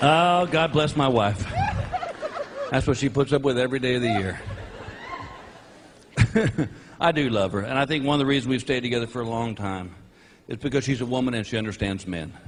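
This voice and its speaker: Animated man telling stand-up stories. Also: medium pitch. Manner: animated storytelling with loud whooping outbursts. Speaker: stand-up comedian. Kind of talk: stand-up comedy set. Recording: live show with audience noise.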